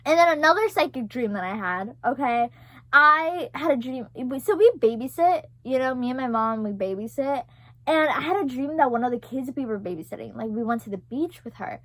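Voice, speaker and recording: A young woman telling a story in a casual vlog, animated and profane, with many fillers. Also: sits high, a little fast, dry recording. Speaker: vlogger.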